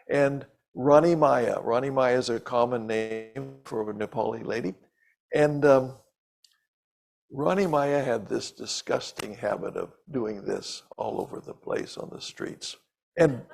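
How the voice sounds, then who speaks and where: An older man tells stories from the pulpit in a loose, conversational sermon. His gravelly voice wanders through ums and little asides. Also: mid-range voice. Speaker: preacher and missionary. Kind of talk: storytelling sermon.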